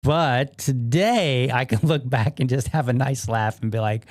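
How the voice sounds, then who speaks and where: A man's voice: medium pitch, unhurried, few pauses, a little mellow, no echo, studio quality. A man hosting his own podcast, telling stories from his life as a father in a rambling, self-deprecating way, full of fillers and restarts. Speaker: podcast host. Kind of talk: casual solo podcast monologue.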